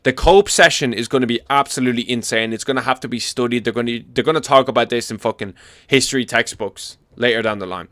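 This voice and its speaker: A man's voice: medium pitch, quick pace, fairly bright tone, dry recording, clean studio sound. A young Irish man from Ireland ranting about fighters as an MMA commentator, blunt and full of swearing and repetition. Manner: blunt, profane, emphatic repetition. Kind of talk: casual opinion rant.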